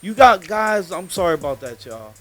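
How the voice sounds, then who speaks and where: A man's voice: high-pitched, sing-song, moderate pace, a bit bright, faint music behind. A man, telling a heated story on a live podcast from a studio and swearing often.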